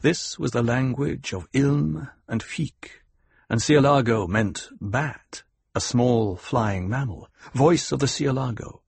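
A man narrating a novel in a steady, even storytelling manner. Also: medium pitch, slow pace, gravelly, breathy edge, no room sound. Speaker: audiobook narrator. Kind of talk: scripted narration.

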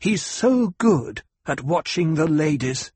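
A man's voice: high voice, expressive, a little fast, a little mellow, slightly rough, no echo, pitched above the performer's own voice. A man voicing a stern, bitter noblewoman who gives clipped, imperious commands. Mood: commanding.

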